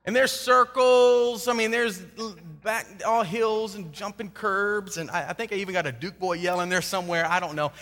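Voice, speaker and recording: A man preaching a sermon, telling a personal story in an animated, emphatic way. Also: high voice, normal speed, few pauses, long reverb tail. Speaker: pastor.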